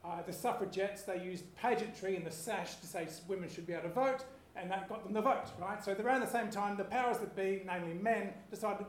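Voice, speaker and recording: A man's voice: high-pitched, a little fast, hardly any pauses. A man in his forties telling a rambling, self-deprecating story as a panellist, apologizing as he goes. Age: 40s. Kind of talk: rambling comedic anecdote. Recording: echoey room with faint hiss.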